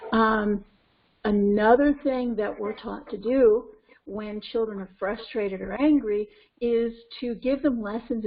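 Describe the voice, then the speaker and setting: A woman parenting coach with a North American accent teaching a webinar in an animated way, acting out scenes. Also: on the high side. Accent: North American English. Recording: lo-fi conference call audio.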